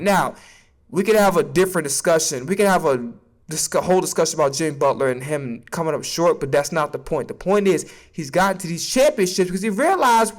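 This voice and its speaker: A man's voice: fairly high pitch, animated, fairly quick. A man streaming a casual sports opinion rant, emphatic and profane, stammering when he gets worked up.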